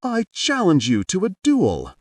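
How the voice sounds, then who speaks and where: A man's voice: sits high, wildly swooping pitch, unhurried, dry recording, studio quality, distant mic, voice pushed up, exaggerated voice. A man voicing a boastful, rowdy four-year-old boy in an audiobook. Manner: shouting, boastful.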